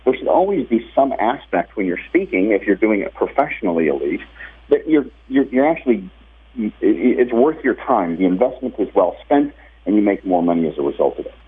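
A man's voice: lowish voice, big pitch swings, brisk, slightly rough. A man being interviewed as a guest who is a professional speaker. He talks energetically and at length, often restarting his sentences. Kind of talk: interview over the phone. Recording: tinny phone line.

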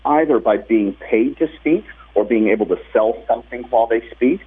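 A man's voice: medium pitch, moderate pace, husky. A man being interviewed as a guest who is a professional speaker. He talks energetically and at length, often restarting his sentences. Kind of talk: interview over the phone. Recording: tinny phone line.

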